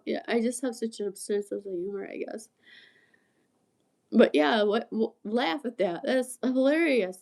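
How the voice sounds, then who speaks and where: A woman in her sixties with a gravelly, mellow voice chats loosely to her livestream viewers. She drifts from tangent to tangent and laughs often as she goes. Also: medium pitch, normal speed. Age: 60s. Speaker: livestream host. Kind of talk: rambling livestream chat.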